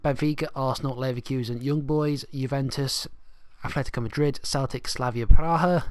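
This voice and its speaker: A man's voice: medium pitch, dry recording. A young man giving casual, rambling let's-play commentary, thinking aloud as he goes. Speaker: gaming channel host.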